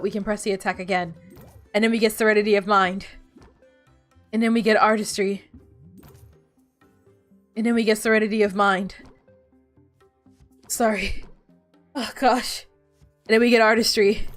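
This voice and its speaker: A woman's voice: mid-range voice, steady tone, normal speed, pauses often, faint music behind. A woman streamer chatting casually while playing a game, rambling and laughing often. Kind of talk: casual gaming stream chat.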